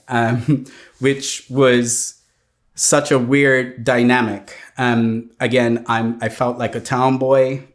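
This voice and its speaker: A young man, telling his life story in a reflective, halting way with many pauses and restarts. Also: medium pitch. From Bermuda. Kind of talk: personal testimony interview.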